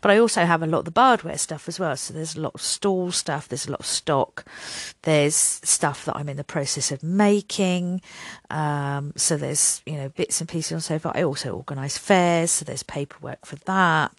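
An older woman with a lowish voice chats her way through a solo podcast, rambling and laughing at herself as she acts out little back-and-forths. She is recorded close and dry, with no room sound around her. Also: normal speed, no echo. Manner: rambling, self-deprecating, laughs often, acts out little dialogues. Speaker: podcast host.

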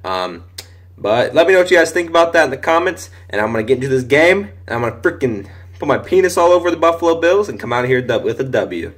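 A young man giving loose, profane live commentary over a football video game, shouting at big plays. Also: mid-range voice, fast. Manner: excitable, swears often, shouts at big plays. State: voice briefly giving out. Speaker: gaming commentator.

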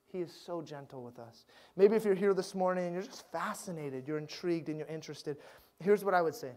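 A male pastor giving a sermon, swinging between loud emphatic lines and hushed, gentle ones. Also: on the high side, brisk.

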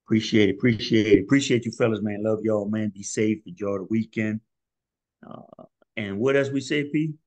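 A man's voice: on the low side, moderate pace, a little mellow. A man hosting a men's prayer call, chatting loosely and joking, often ending lines with "man.". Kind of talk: casual chat. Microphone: group call audio.

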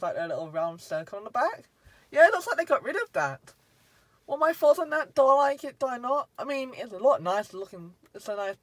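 A man's voice: sits high, a bit bright, no room sound, rough recording. A man reviewing a car from inside it, talking in a chatty, rambling way and often cutting himself off mid-sentence. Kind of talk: casual car review vlog.

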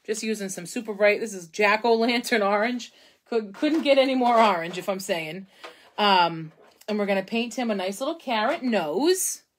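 A woman's voice: mid-range voice, expressive, moderate pace. A young woman hosting a casual painting tutorial, chatting and thinking aloud as she works, often poking fun at her own mistakes. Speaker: craft instructor.

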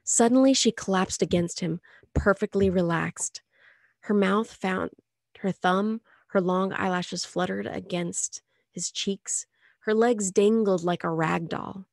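A woman reading a novel aloud chapter by chapter in an expressive storytelling manner. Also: mid-range voice, slow pace, creaky, no room sound, clean studio sound. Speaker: audiobook reader.

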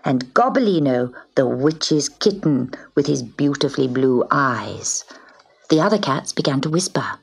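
A woman narrating a children's storybook in a soft, often half-whispered, husky voice. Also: rumbling low, expressive, unhurried.

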